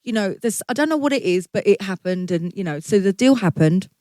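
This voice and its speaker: A woman's voice: mid-range voice, expressive, a little fast, mellow, dry recording. Chatty woman telling her story. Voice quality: chatty, swears freely, acts out her own past thoughts. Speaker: guest singer. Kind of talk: candid conversational storytelling.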